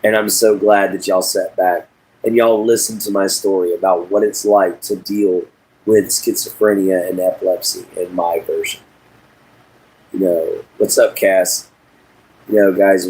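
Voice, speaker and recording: A man's voice: deep voice, level tone, measured pace, darkish tone, husky, low-quality recording. Folksy man chatting on a livestream. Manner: folksy, drawling, reads chat aloud. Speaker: livestream host. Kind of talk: casual livestream chat. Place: inside an RV.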